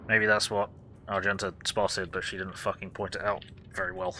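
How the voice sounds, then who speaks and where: A man's voice: sits low, flat delivery, moderate pace, sharp tone, a little hiss or hum. A man hosting a let's play, reading game text aloud and commenting in a casual, sardonic way with frequent swearing. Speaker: gaming host. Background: game music.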